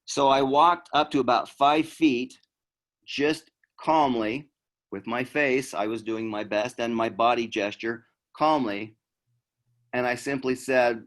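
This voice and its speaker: A man's voice: medium pitch, fairly even intonation, slow pace, fairly bright tone. A middle-aged man from Utah, a law enforcement trainer telling a story in a conversational training talk and acting out the dialogue.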